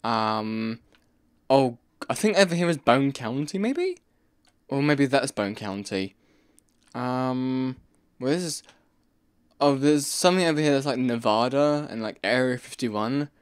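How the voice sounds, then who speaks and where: A young man rambling through let's play commentary, breaking into sudden excited yelps and repeated pleas. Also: medium pitch, unhurried, clear, resonant tone, no room sound. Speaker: gaming channel host.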